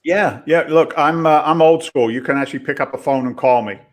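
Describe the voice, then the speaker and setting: A man's voice: a little high, fairly quick, background noise. A middle-aged man, a guest talking bluntly and jokingly about investing. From Boston area. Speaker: podcast guest, real estate investor. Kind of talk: casual interview talk.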